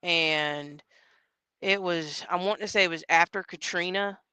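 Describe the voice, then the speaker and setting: A man's voice: high voice, steady tone, a little slow, sharp tone, clean tone, no echo. A man, a psychic medium guest, telling a story in a casual, rambling way, with lots of fillers and quoted dialogue.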